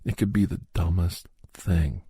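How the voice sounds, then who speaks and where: A man speaks in a whispered role-play, his low voice mellow and husky, close and dry to the ear. He talks like a street-smart mentor, blunt and folksy as he coaches. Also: a little slow, no echo. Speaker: ASMR role-play host playing a self-defense mentor.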